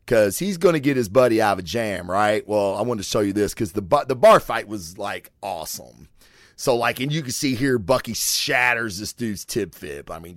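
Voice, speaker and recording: A man's voice: on the low side, fairly bright tone, dry recording, clean studio sound. A man casually reviewing comic books, cursing freely and rambling with lots of fillers. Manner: profane, chatty, rambling with fillers. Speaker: comic book show host.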